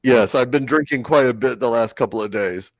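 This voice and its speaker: A man's voice: medium pitch, brisk, no echo, rough recording. A man co-hosting a casual live stream, speaking in an articulate, lecturing way with formal words and stammered restarts. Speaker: co-host.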